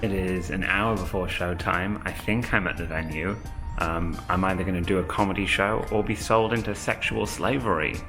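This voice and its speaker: A young British man chatting casually in a travel vlog, relaxed and a little profane. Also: sits low, normal speed, faint music behind.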